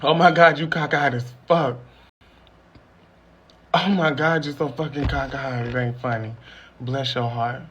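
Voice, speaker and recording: A young man giving loud, profane, mocking comedic reaction commentary as a streamer, often breaking into laughter. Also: mid-range voice, steady tone, measured pace, pauses often, dull audio, a little hiss or hum.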